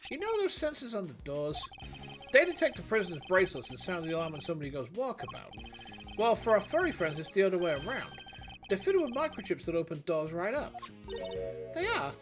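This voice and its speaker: A man's voice: high voice, sing-song, fairly quick, music in the background. A man voicing a cheery, breezy male animal keeper while reading game dialogue aloud. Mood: chipper. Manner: breezy, chummy.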